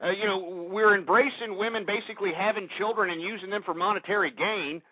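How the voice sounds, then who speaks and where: A man's voice: high voice, steady tone, a little fast, no room sound. Ranting talk radio man with a Texan accent. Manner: heated, ranting, swears often, repeats himself. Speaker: radio show host. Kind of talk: political talk radio monologue. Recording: dull lo-fi radio recording.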